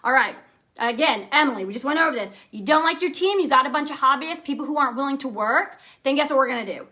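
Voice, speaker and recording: Peppy young woman pep-talking her sales team live, keeps saying okay?, bright and a bit high. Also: animated, fast. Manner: upbeat, emphatic, peppered with "okay?" and "right?".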